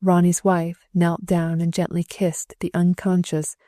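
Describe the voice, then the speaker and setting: A woman narrating a classic novel as an audiobook, gentle and measured, close to the mic. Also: on the low side, completely flat delivery, no room sound. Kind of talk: scripted narration.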